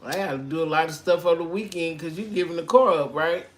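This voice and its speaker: Animated woman chatting casually. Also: on the low side, fast talker. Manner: animated, swings between loud and hushed. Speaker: tarot reader. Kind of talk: casual chat.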